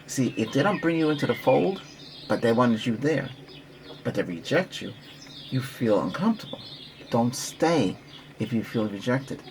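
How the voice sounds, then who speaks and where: Rambling, gently coaching man, birdsong behind. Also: mid-range voice, slight background noise. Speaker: Reiki practitioner. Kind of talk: relaxation talk with breathing guidance.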